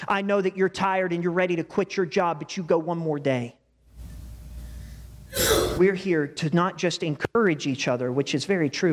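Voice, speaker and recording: A man's voice: a little high, big-room sound. A male pastor preaching a sermon in a conversational style, with asides to the congregation.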